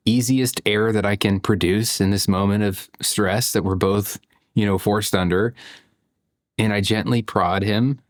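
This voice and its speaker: In clean studio audio without any room sound, a parent vlogger in his thirties muses aloud in a fairly low voice. His reflective talk is chatty, peppered with "you know" and "right?".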